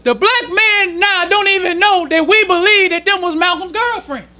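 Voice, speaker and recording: A male minister teaching a sermon to a congregation in plain, casual speech, slowing down when he reads passages aloud. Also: very high voice, bright, forceful tone. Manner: preaching in casual street-level speech, slowing to read quoted passages. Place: temple congregation hall.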